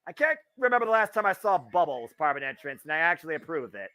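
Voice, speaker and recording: Midwest guy riffing over a wrestling show, bright voice, kinda high, cracks jokes and swears. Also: very animated, rapid-fire. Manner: chatty, wisecracking, swears freely. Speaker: wrestling watch-along host. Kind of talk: casual live commentary.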